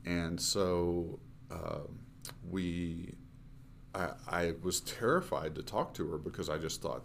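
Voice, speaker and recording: A man in his fifties, a missionary guest telling his story in a conversational interview, earnest and halting, with frequent fillers and restarts. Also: sits low, vocal fry, slight background noise.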